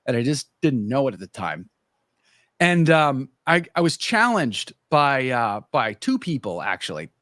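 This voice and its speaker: A man's voice: mid-range voice, sing-song, a little slow, a bit bright, no echo, clean studio sound. A middle-aged man, a podcast guest, animatedly telling his conversion story in casual conversation and acting out his own past thoughts.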